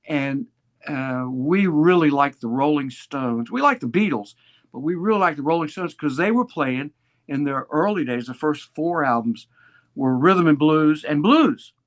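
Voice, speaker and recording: A man's voice: on the high side, expressive, unhurried. A man in his seventies from Virginia, telling stories as a guest in an interview, full of old hipster slang. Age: 70s. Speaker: guest musician. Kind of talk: casual storytelling interview.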